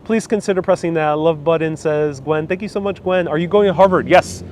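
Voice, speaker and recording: A man's voice: fairly high pitch, fairly quick, a little mellow, slight background noise. Chatty New York man live-streaming outdoors. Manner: chatty, rambling, with frequent fillers and restarts. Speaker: vlogger hosting a live stream. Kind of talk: casual live-stream chat, answering viewer comments.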